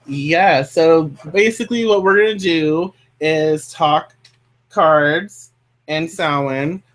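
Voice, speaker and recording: Guy hosting a chill chat, kinda high voice, rambles n goes off topic a lot. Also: slow pace, fairly bright tone. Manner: chatty, rambling, goes off on tangents. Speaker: host. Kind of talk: casual chat.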